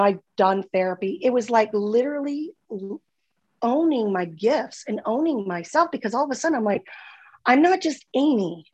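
A woman's voice: fairly high pitch, a little mellow, breathy edge. A woman, a former nurse, speaking as a guest in a casual podcast conversation, earnest and heartfelt, often repeating words. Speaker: guest, former nurse turned spiritual healer.

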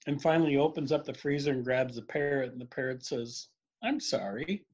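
Man, casual joke telling, husky, dull lo-fi sound. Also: medium pitch, fast. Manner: relaxed storyteller, voices characters. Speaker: joke teller.

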